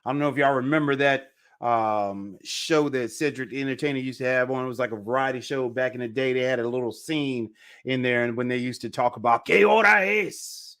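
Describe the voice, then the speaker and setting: A man teaching a casual live online Spanish lesson, repeating phrases slowly for pronunciation. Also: mid-range voice, steady tone, a bit bright, clean tone.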